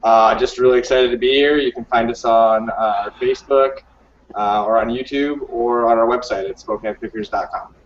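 A man's voice: medium pitch, steady tone, normal speed. A man answering interview questions as a guest on a live stream, hesitant with many ums and uhs. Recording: roomy, distant, muffled call audio.

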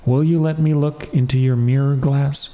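A man's voice: medium pitch, steady tone, normal speed, dark tone, pitched above the performer's own voice, close to an everyday voice. A man voicing a bewildered young dwarf. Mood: pleading. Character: misshapen young dwarf with a long nose, bewildered.

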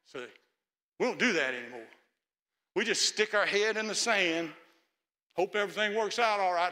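Older male pastor, bright high voice, storytelling sermon with hushed pleading asides, long church echo. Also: normal speed. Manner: storytelling, acting out prayers in hushed pleading tones. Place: large church sanctuary.

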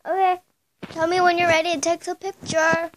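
A woman's voice: very high-pitched, little pitch movement, moderate pace, background noise. A woman voicing a cheerful little male pet friend in a raised, eager voice. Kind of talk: toy play-acting.

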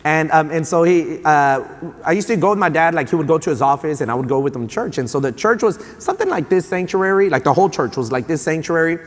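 A man, preaching a sermon in a church sanctuary and telling stories in an animated way, with many fillers and restarts. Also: fairly high pitch, fast talker. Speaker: pastor. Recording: long reverb of a church sanctuary.

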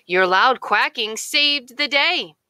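A woman voicing a small, quiet, gentle male quail in a children's storybook. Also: on the high side, lively intonation, slow, clear, resonant tone, no room sound, voice pushed up, full character voice. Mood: grateful. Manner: soft-spoken, pleading.

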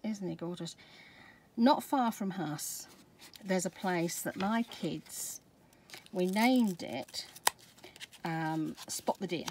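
Woman, Scottish accent, middle-aged, excitable unboxing chat, soft whispers, noisy background. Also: on the low side, slow, pauses often. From Scotland. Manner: gushing, excitable, drops to soft whispers over items. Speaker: craft vlogger. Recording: background noise with crinkling packaging.

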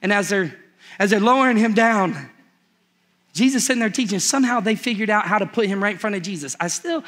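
Male pastor, high voice, animated comic storytelling in a church sermon. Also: fairly quick. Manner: animated storytelling, acts out the characters with humor.

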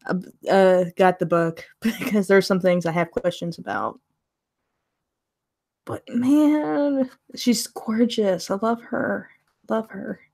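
Woman tarot reader, chatty live-stream deck review, laughs easily, warm enthusiasm. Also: medium pitch, expressive, slow pace, vocal fry. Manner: chatty, laughs often, gushing over the cards.

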